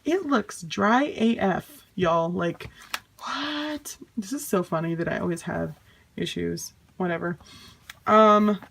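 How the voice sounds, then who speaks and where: A woman's voice: fairly low pitch, slow pace, vocal fry, fairly bright tone, husky. Exasperated chatty young woman. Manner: exasperated, chatty, swears and laughs it off. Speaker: vlogger. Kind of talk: casual unboxing chat.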